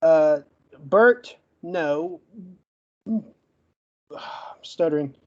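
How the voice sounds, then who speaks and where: Guy with a stutter rattling off his closing argument, keeps getting stuck on words, dull lo-fi audio. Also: fairly high pitch. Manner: rapid-fire argumentative list-making. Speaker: debate participant.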